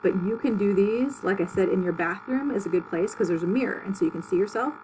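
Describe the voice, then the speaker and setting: A woman teaching a public speaking class, walking students through articulation drills with clear, exaggerated syllables and plain instructions. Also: medium pitch, fast talker, noisy background.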